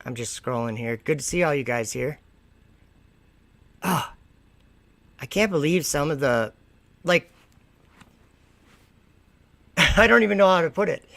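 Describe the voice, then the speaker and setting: A man's voice: fairly high pitch, animated, a little slow, vocal fry, pauses often, pushed and bright, no echo. A man hosting a casual livestream, reading viewer comments aloud and mocking and lecturing the people who wrote them. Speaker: livestream host.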